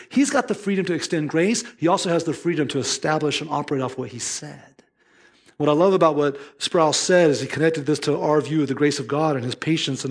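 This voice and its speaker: A male pastor preaching a sermon in an earnest, emphatic manner. His voice sits fairly high for a man. He weaves scripture and stories together as he speaks. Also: husky.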